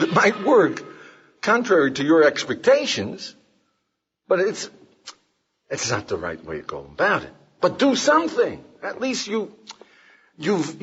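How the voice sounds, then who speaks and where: Older man, rabbi, classroom lecture, husky, lively pitch, muffled old recording. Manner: animated, asks the class questions, acts out quotes.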